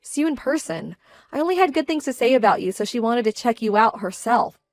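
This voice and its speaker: A woman voicing a young bride-to-be who sounds indignant, measured and cold. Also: fairly high pitch, animated, a little mellow, no room sound, natural voice. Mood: disappointed. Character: young bride-to-be, hurt and proud, quietly fierce. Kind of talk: scripted story drama.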